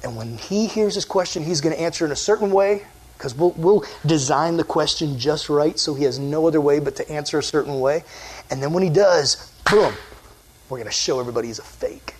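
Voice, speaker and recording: A hushed, plotting band of male scholars, as a preacher puts them on, murmuring their scheme low and quiet. The voice sits a touch higher than most men's. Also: fairly quick, a little hiss or hum, natural voice. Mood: conspiratorial.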